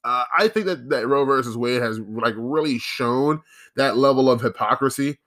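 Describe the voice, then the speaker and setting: A man's voice: medium pitch, moderate pace, a bit bright. A young man hosting his own podcast, talking alone in a casual, ranting, sarcastic way with frequent restarts. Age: young adult. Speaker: podcast host. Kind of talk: casual solo podcast monologue.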